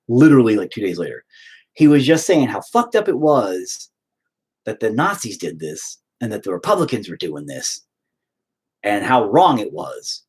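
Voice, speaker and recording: A man's voice: on the low side, sing-song, normal speed, a little mellow, slightly rough. A man ranting in casual podcast talk, profane and rambling.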